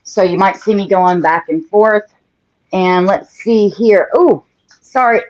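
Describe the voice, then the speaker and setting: A woman's voice: on the low side, fairly even intonation, slow, darkish tone. A woman hosts a live painting show, chatting casually and reading out viewer comments as she works. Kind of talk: casual livestream chat while painting. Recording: dull lo-fi livestream audio.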